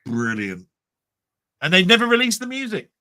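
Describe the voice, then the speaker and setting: A man's voice: sits high, huge pitch swings, moderate pace, sharp tone. A man co-hosting a casual livestream chat, telling stories in a rambling, stop-start way with lots of repeated words. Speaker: livestream co-host.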